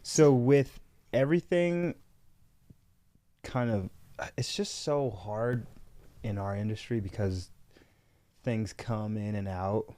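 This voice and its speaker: A man co-hosting a casual podcast chat, playful and quick to laugh. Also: lowish voice, warm tone. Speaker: podcast co-host.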